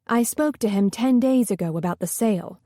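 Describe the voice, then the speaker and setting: A man's voice: high-pitched, fairly quick, dark tone, dry recording, studio quality, lightly acted. A woman voicing a polite male business caller with a courteous, formal manner.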